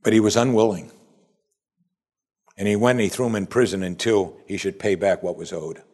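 Pastor preaching, dramatic pitch swings. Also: male voice, steady tone, moderate pace. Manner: rising to emphatic peaks, then dropping to soft and quiet; asks the congregation repeated rhetorical questions. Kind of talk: sermon.

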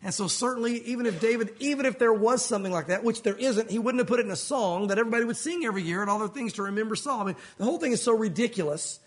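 Male pastor, pleading sermon delivery, higher voice with a husky edge. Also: very fast, few pauses. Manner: earnest, pleading, rises and falls in pitch for emphasis.

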